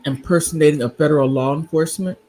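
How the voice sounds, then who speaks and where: Livestream host, male, somewhat high voice with a husky edge, chatty and rambling, casual commentary. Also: fairly even intonation, fast, dark tone, rough recording. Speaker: live-stream host. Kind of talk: casual live-stream commentary. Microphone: computer mic on a streaming app.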